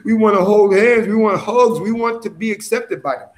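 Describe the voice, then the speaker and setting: A man putting on the voice of a whiny, pleading male believer in a high mocking whine. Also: normal speed, lightly acted.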